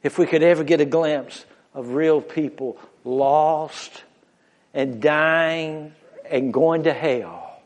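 Slow, dramatic male preacher. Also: dull audio. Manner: swings from hushed low phrases to shouted high climaxes; slow, drawn-out delivery with dramatic pauses. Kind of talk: sermon.

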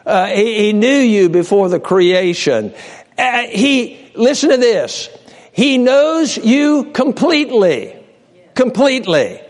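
A man preaching a sermon with passion, swinging between raised cries and low hushed storytelling, often restarting words and speaking straight to his listeners. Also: very animated, slow pace. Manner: repeats and restarts words, direct address to listeners. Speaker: pastor.

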